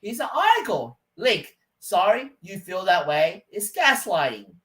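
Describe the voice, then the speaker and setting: A man mimicking a shrill dismissive woman. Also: wildly swooping pitch, unhurried, bright, forceful tone, far from the mic, heavily acted. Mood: sneering. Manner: mocking, shrill, exaggerated. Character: dismissive sneering woman who won't listen.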